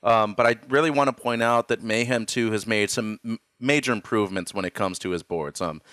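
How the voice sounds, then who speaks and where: A man's voice: on the low side, brisk, fairly bright tone, no echo, studio quality. A man giving casual analysis as co-host, upbeat and rambling with fillers.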